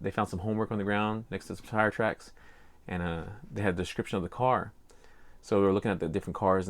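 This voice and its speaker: An older man with a Cajun accent, co-hosting a casual podcast and telling a rambling story full of fillers. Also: sits low. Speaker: podcast co-host. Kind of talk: casual chat.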